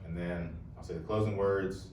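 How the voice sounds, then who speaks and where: Deep-voiced young man talking to a live crowd. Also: steady tone, normal speed, darkish tone, a little hiss or hum. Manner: casual, joking, addresses the crowd. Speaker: poet and presenter. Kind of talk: live talk to an audience. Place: room with a live audience. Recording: echoey room, voice heard from far off.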